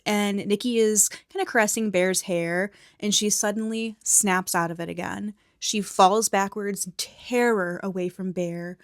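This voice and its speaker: Soft and close to the mic, a young woman recaps a movie for ASMR, alternating a quiet voice with breathy whispering and dropping some swears in her frank, casual commentary. Her mid-range voice moves at a measured pace with few pauses, and the recording is dry with no room around it.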